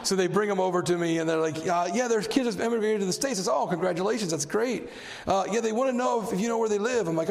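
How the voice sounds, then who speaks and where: A man preaching in a church with a fairly high, gravelly voice. He tells his story with animated energy, his voice climbing when excited. The sound rings with a long hall reverb. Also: fast talker. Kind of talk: sermon with storytelling.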